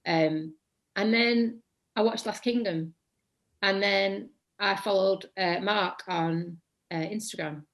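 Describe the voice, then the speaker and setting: A woman's voice: mid-range voice, slow. A woman in her thirties with a Mancunian accent, chatting as a guest in an interview, rambling and correcting herself as she goes. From England. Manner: says her voice tends to be monotonous. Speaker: guest actor. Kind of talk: casual interview chat.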